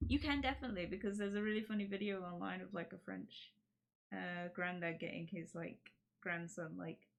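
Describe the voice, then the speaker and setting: With a lowish, steady voice and some vocal fry, a streamer chats casually at a moderate pace on her livestream. She rambles, giggles, and keeps cutting herself off to start over.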